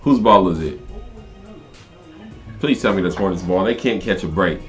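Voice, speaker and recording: A man with a somewhat low voice talking loosely through a live game stream. He reads out comments from viewers and reacts with animated disbelief. Faint music plays under him. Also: moderate pace.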